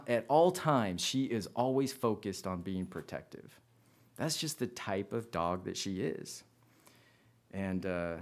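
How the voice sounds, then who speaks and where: Man preaching with a casual personal story. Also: medium pitch. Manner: conversational storytelling, repeats phrases.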